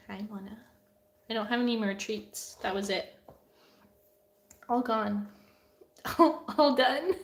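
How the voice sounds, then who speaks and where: A woman's voice: mid-range voice, expressive, unhurried, gravelly, pauses often, fairly bright tone, reverberant. A young woman, an artist hosting a live Q&A stream from home, chatting casually and giggling, with lots of "like" fillers. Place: at home with her cats. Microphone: camera on a desk.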